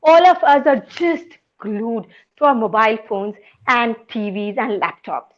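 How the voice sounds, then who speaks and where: A woman telling a folk tale aloud, dramatic and expressive, chanting rhythmic sound effects. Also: a little high, unhurried, highs cut off. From India. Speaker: storyteller. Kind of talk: oral storytelling for an audience.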